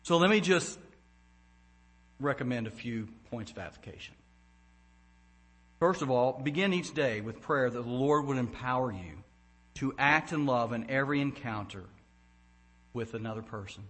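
A man's voice: mid-range voice, lively intonation, moderate pace, long pauses, fairly bright tone. A male pastor giving a brief devotional challenge to a congregation, earnest and emphatic when quoting scripture.

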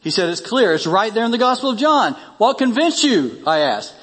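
A man's voice: high-pitched, very animated, moderate pace, a bit bright, long reverb tail. A male pastor delivering a sermon, reading a story aloud and rising in emphasis on key lines.

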